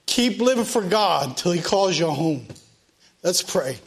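A man with a high voice preaching a church sermon. He repeats key phrases with a fervent, driving cadence and leads the congregation in prayer. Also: lively intonation, a little slow, vocal fry, breathy edge.

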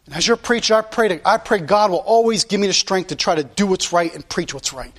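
A man's voice: sits high, brisk. A male pastor preaching a sermon in a blunt, impassioned way, repeating his points.

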